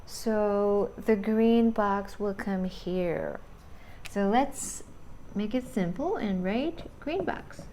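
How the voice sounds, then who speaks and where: Woman teacher going really slow thru grammar, keeps asking right?, faint hum behind. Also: mid-range voice, warm tone. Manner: slow, deliberate explaining with frequent "right?" checks. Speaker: English teacher. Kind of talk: grammar lesson.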